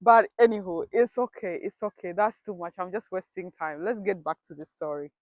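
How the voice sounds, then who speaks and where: A woman's voice: lowish voice, brisk, a little mellow, no echo. Chatty, dramatic woman vlogger, dry sound. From grew up in a village abroad. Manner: chatty, dramatic, talks to herself. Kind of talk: casual storytime vlog.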